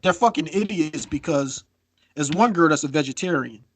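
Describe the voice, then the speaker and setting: A man co-hosting a podcast in casual chat, telling a story with lively acted-out quotes and free swearing. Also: a little high, moderate pace. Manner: animated storytelling, acts out quotes, swears freely. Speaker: podcast co-host.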